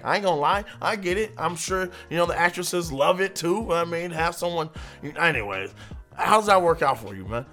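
A man hosting an interview, asking long rambling questions with many fillers and a playful, excitable manner. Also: sits high, normal speed, faint music behind. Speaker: interview host. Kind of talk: casual interview chat.

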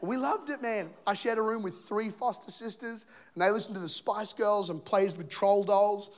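A man in his thirties from England preaching a sermon as a lively, joking story, acting out scenes and voices. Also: high voice, moderate pace. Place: church stage.

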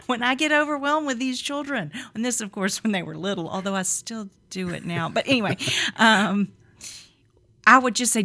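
A middle-aged woman co-hosting a faith podcast, telling lively stories, laughing often and acting out quotes. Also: medium pitch, moderate pace. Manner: animated storyteller, laughs often, acts out quotes.

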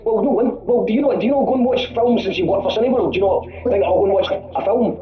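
A man's voice: high-pitched, fast talker, highs cut off. A man making a comic complaint call, exasperated and ranting, repeating himself. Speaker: caller.

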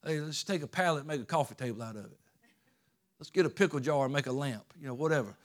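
Folksy preaching pastor, high-pitched man. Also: quick pace. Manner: folksy preaching, rising to fervent calls. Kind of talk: sermon.

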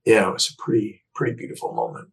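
A middle-aged man, a podcast guest, telling a personal story candidly and earnestly, often restarting his sentences and moving between emphatic bursts and hushed phrases. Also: lowish voice, very animated, fast talker, gravelly, breathy edge, rough recording. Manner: reflective, earnest, with frequent restarts and self-corrections.

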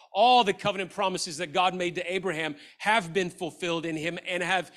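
Man, middle-aged pastor, high voice, passionate sermon, softer quoted lines. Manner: passionate preaching, dropping to quiet voices for quoted scripture.

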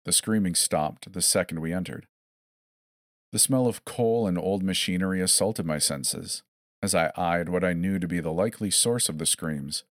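A man reads a first-person horror tale with wry asides. His voice is deep, and the recording is close and dry, with no room around it. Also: no room sound. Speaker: narrator. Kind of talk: scripted horror narration.

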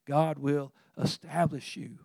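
A man preaching a sermon in a folksy, conversational way, chuckling now and then, getting loud for emphasis and going soft on tender points. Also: a little high, level tone, slow pace, vocal fry, dry recording.

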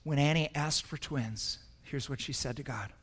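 A man's voice: mid-range voice, normal speed, fairly bright tone, breathy edge. Older man preaching earnestly in an echoey hall. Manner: earnest, emotional storytelling with repetitions. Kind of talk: sermon with personal story.

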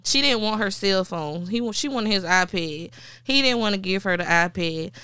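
A woman's voice: mid-range voice, moderate pace, clear, resonant tone, no room sound. A young woman co-hosting a podcast in casual chat, telling family stories with lots of laughter. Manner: laughing, animated storytelling. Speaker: podcast co-host.

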